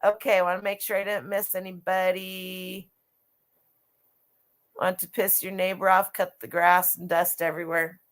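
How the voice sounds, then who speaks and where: A woman's voice: lowish voice, little pitch movement, moderate pace. A middle-aged woman who resells vintage clothing, chatting casually and rambling on a live stream with lots of restarts.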